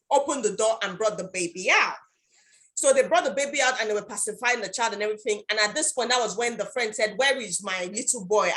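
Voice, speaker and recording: A woman's voice: on the high side, a bit bright. A woman hosting a casual chat, retelling a story she saw online. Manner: retells stories, acting out the voices in them. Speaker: host.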